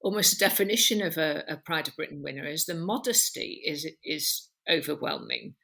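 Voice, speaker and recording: A woman hosting a podcast interview, talking in an animated, emphatic way and piling up descriptions. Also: sits low, a little fast, creaky. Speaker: podcast host. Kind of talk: conversational interview.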